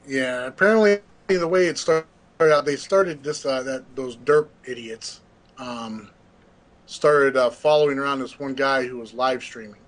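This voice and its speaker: A man's voice: mid-range voice, unhurried, a bit bright. A middle-aged man co-hosting a gaming podcast, telling stories in a rambling, laid-back way with lots of fillers. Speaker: podcast co-host. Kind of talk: casual gaming podcast chat.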